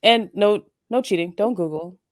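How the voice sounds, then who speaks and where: A woman's voice: mid-range voice, normal speed, darkish tone, dry recording, clean studio sound. A young adult woman co-hosting a casual morning show, joking around with mock seriousness. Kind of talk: casual chat.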